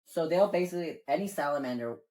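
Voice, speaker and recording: Fast and animated, with a voice on the high side and a slightly mellow quality, this male co-host explains game lore during a casual chat. His explanations meander, padded with filler words and the occasional curse.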